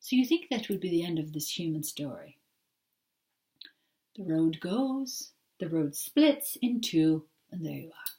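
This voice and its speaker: A woman channeling a patient, genderless spirit that speaks as "we" and explains its ideas in a calm, unhurried way. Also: lowish voice, distant mic, voice pushed down. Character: gentle collective spirit, genderless, patient teacher. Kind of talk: trance channeling talk.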